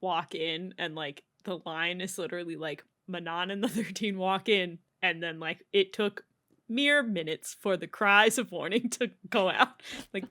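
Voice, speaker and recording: A woman with a bright, sharp voice co-hosts a podcast. She retells scenes with animated sarcasm in casual chat. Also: on the low side, a little slow. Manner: animated, sarcastic, laughs often while retelling. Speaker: podcast co-host. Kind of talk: casual book discussion.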